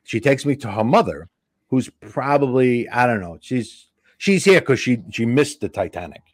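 A man's voice: medium pitch, normal speed, dry recording, clean studio sound. A man, a stand-up comedian, telling road stories in a casual chat and acting out the people he met. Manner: animated anecdotes, acting out quoted women.

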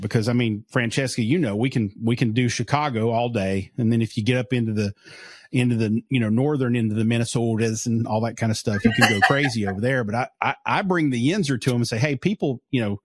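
A man's voice: mid-range voice, no room sound. Kentucky guy cohosting a podcast, chatty, explains stuff, dry close mic. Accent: Eastern Kentucky. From Eastern Kentucky. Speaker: podcast co-host. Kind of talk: casual interview chat.

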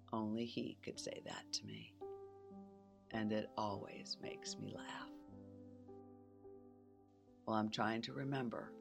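A woman host narrating a personal story in a soft, intimate way, sometimes dropping to a whisper. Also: a bass voice, vocal fry. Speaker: podcast host.

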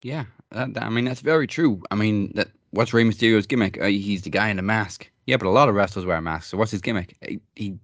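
A man's voice: on the low side, quick pace, few pauses, no echo. A man co-hosting a casual wrestling chat, in a laid-back, offhand way. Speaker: podcast co-host.

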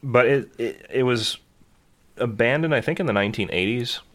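A man's voice: mid-range voice, moderate pace. A man in casual chat, telling a travel story with lots of fillers and restarts.

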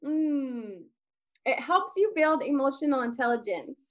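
A woman co-hosting a podcast, calmly explaining points from a list in a measured way. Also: high-pitched. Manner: measured, explanatory, soft agreement noises. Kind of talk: explaining a list in casual chat.

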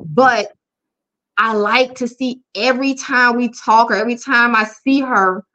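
A woman's voice: a little high, fairly even intonation, measured pace, sharp tone. A woman life coach speaking frankly and openly in an interview. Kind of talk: candid conversational interview. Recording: dull lo-fi audio.

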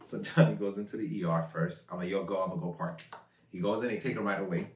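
A man as a podcast guest, telling stories in a laid-back, drawn-out casual way. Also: sits low, fairly even intonation. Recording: echoey room, mic far off.

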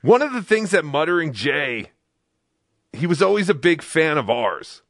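A man's voice: a little high, big pitch swings, normal speed, fairly bright tone, no echo, clean studio sound. A man hosting a casual live stream, joking with co-hosts and reading out viewer donations. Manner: jokey, reads out viewer donations. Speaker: host.

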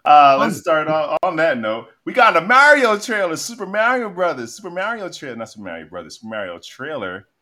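A man's voice: on the high side, sing-song, brisk, hardly any pauses, bright, forceful tone. A man co-hosting a casual talk show, pushing back with questions and laughing between points. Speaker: podcast co-host. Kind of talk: casual chat.

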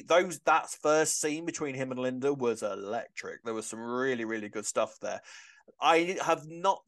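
A man's voice: medium pitch, fairly bright tone. A man co-hosting a podcast, chatting enthusiastically about a soap opera, often restarting his sentences. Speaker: podcast co-host.

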